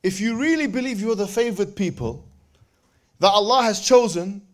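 A man giving a lively religious lecture to a live audience, joking and bantering with the crowd and quoting verses in quick Arabic recitation. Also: high voice. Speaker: speaker at a religious event.

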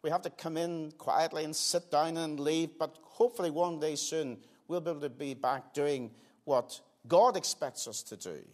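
An older man preaching a sermon in a church, earnest, pressing some lines hard and dropping others to quiet, slow asides. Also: a little high. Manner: earnest, swings between emphatic loud lines and quiet slowed asides. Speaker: pastor. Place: church sanctuary.

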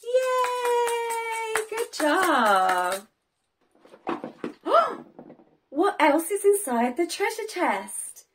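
Very high, slow sing-song woman teacher. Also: big pitch swings, noisy background. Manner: slow, sing-song, exaggerated gasps and praise. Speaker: children's teacher. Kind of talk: toddler learning video.

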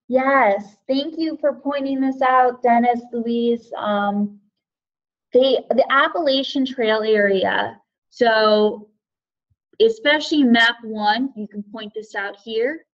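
A woman with a high voice leads a live online lesson for teachers, picking up names and guesses from the chat and answering each in turn. Her audio comes through dull and lo-fi, like a typical webinar feed. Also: slow pace. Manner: friendly, reads out chat guesses and thanks participants. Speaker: webinar presenter for educators.

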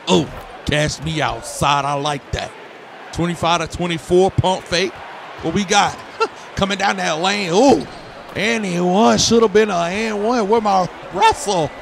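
A young man giving excited, slangy commentary over his basketball video game, hollering at big plays. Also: on the high side, unhurried, creaky, noisy background. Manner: casual slangy talk. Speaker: gaming YouTuber. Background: game music.

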